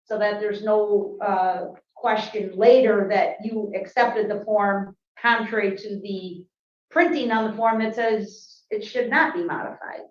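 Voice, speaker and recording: A woman prosecutor arguing formally before a judge, measured and careful, with frequent hesitations. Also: medium pitch, steady tone. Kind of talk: formal courtroom argument. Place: courtroom. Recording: roomy courtroom audio, muffled.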